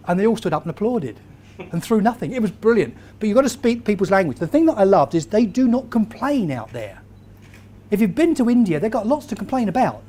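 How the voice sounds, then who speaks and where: A man, giving a lively motivational talk to a live audience and quizzing the crowd as he tells stories. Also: high voice, a little fast. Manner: animated storyteller, quizzes the crowd. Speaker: keynote speaker.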